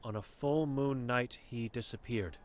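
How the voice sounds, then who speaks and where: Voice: mid-range voice, unhurried, soft background music, lightly acted. An actor voicing a blind, mute old woman who is bitter and grim and speaks in terse, broken sentences in a video game.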